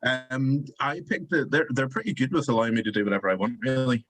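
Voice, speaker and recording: A man's voice: medium pitch, fast, fairly bright tone, no room sound, faint music behind, rough recording. A man who is a guest author, chatting casually about books with many ums and hesitations. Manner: hesitant, lots of ums and likes. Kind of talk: casual chat.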